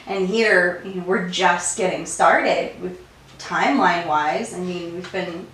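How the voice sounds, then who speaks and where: A woman's voice: on the low side, fairly bright tone. A woman podcast host interviewing a guest, giving short, encouraging responses and light remarks. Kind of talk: casual interview chat. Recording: roomy, distant, faint noise.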